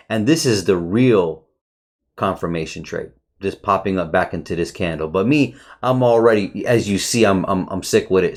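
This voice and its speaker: Brief: lower-voiced man, excitable trading teacher, swears freely and calls his viewers bro. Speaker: trading educator. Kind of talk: casual screen-share chart review.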